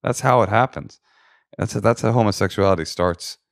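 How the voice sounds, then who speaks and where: A man's voice: on the low side, normal speed, dry recording, studio quality. A man co-hosting a comedy podcast, giving advice in a jokey, playful way and slipping into silly voices. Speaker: podcast co-host. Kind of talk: casual comedic advice chat.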